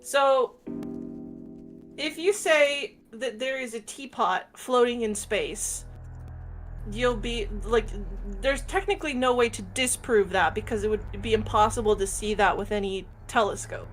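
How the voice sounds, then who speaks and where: A woman's voice: on the high side, unhurried, soft background music. A woman chatting casually on a live stream, explaining an idea in a rambling, laughing way.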